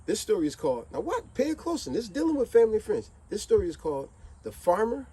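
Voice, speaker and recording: A streetwise man speaks straight to camera in a preachy, animated monologue. His pitch swoops and climbs often. His voice is slightly high yet soft and mellow. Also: fast talker, husky, poor audio. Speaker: vlogger. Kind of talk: motivational monologue with fable.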